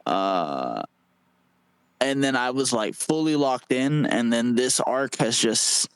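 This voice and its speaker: A man's voice: medium pitch, lively intonation, slow, clean tone, dry recording, low-quality recording. A man guesting on a casual podcast, rambling and hesitant, repeating words as he thinks aloud. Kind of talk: casual chat.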